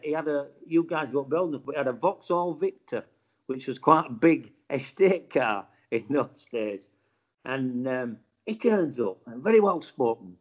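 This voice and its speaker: A man in his fifties from Bradford with a West Yorkshire accent, telling a casual story and acting out the voices, with a bit of swearing. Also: mid-range voice. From Bradford, England. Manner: animated, acts out quotes, swears. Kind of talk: casual anecdote. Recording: dull lo-fi sound.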